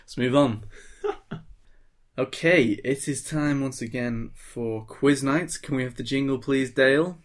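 A man hosts a relaxed film chat among friends. His pitch is mid-range, and he talks easily and with humour. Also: unhurried. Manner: jokey, leads the ratings and segments. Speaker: podcast host. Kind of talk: casual chat.

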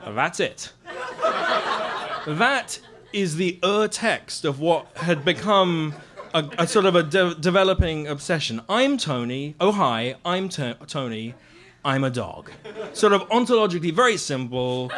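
Guy doing a self-mocking story onstage, high lively voice, keeps chuckling. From Britain. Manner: self-mocking, wry, laughing. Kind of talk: live storytelling on stage.

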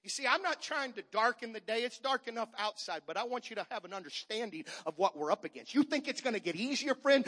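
A middle-aged man preaching a sermon as pastor, moving from quiet talk to shouted, fiery preaching. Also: very high-pitched, expressive, fast talker, hardly any pauses. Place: church sanctuary.

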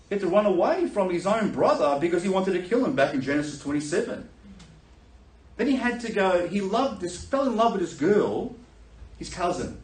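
A man preaching a sermon, telling a Bible story in a lively way and acting out the characters with laughter. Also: high-pitched. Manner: animated storytelling, acts out voices with laughter. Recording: echoey room, voice from a distance.

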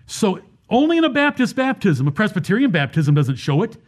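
A man's voice: high-pitched, big pitch swings, brisk. A man preaching a Baptist sermon, asking the congregation rhetorical questions and explaining scripture verse by verse.

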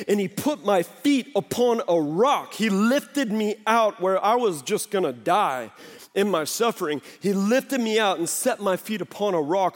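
A high-pitched man preaches to his congregation, animated and lively, dropping into little acted voices to make his point. His words ring out with a long reverb from a church hall. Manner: animated, acts out voices of people and God. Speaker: pastor. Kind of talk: sermon. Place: church sanctuary.

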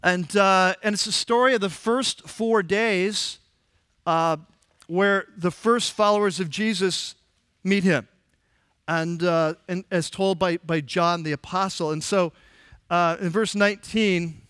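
A man's voice: high-pitched, takes it slowly, a bit bright, clean tone, no echo, studio quality. A man preaching an expository sermon, retelling scripture in a conversational, everyday way. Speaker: pastor.

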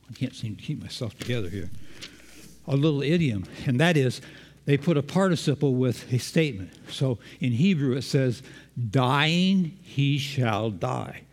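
Male preacher, mid-pitched, conversational sermon delivery, quizzes the room, long hall reverb. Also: lively intonation, normal speed, darkish tone. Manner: engaging, quizzes the congregation.

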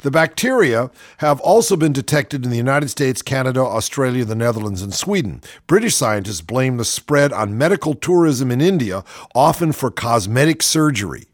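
A man's voice: medium pitch, sing-song, moderate pace, dry recording, clean studio sound. A man co-hosting talk radio, reading news items aloud and adding sarcastic quips. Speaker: radio co-host.

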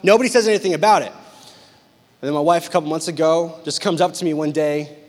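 In a large hall that sends a long echo back, a fairly high-voiced man preaches to a youth group at a fairly quick clip. As their youth pastor, he tells stories with animated humor, hamming up the quotes to get laughs.

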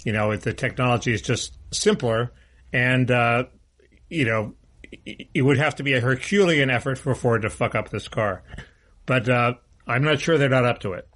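A man's voice: medium pitch, moderate pace, fairly bright tone. A man co-hosting a casual political podcast, talking bluntly and restarting his sentences often. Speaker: co-host.

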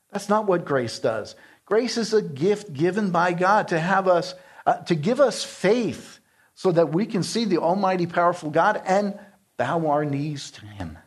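A man's voice: on the high side, slightly rough. An older man teaching a sermon-style Bible class in an emphatic, earnest way, his voice climbing in outbursts.

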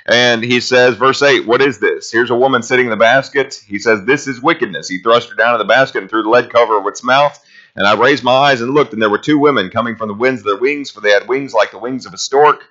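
A man's voice: medium pitch, quick pace, sharp tone, muffled recording. A man leading a casual Bible study class, talking through scripture in a conversational, rambling way and reading passages aloud.

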